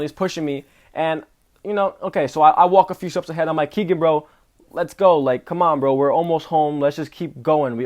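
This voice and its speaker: A young man vlogging, telling a story in a casual, animated way with lots of slang. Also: high-pitched. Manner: animated, slangy, says "bro" often. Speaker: travel vlogger.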